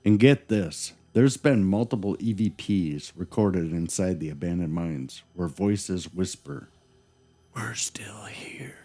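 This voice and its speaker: Deep-voiced man teasing spooky tales. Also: measured pace, few pauses, warm tone. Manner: dramatic, teasing storyteller. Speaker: podcast co-host. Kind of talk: scripted paranormal podcast chat.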